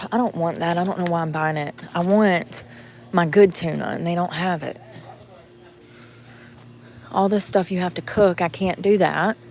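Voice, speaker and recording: A woman's voice: on the low side, unhurried, long pauses, a little mellow. Blunt woman vlogging while shopping. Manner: blunt, rambling, muttering to herself while shopping. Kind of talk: casual vlog talking to viewers. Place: inside a store.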